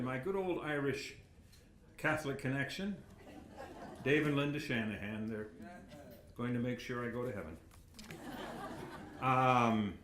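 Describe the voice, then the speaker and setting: An older man speaks into a podium microphone in a banquet hall, telling rambling, self-deprecating stories and chuckling at them. His voice sits at an ordinary middle pitch. The hall adds a clear echo and a faint murmur of room noise. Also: fairly bright tone. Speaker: retired sportscaster giving an acceptance speech. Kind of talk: after-dinner acceptance speech.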